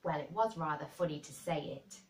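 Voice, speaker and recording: A woman's voice: sits low, darkish tone, lightly acted. A woman voicing a blunt, plain-spoken girl who talks frankly and earnestly. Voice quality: frank and brisk. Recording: roomy and distant.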